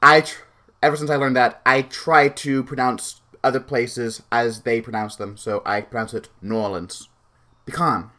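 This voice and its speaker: A man's voice: medium pitch, fairly bright tone. A young man with a Pacific Northwest American accent, chatting casually in a vlog and reading out a word list. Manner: chatty, rambling with fillers. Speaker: vlogger.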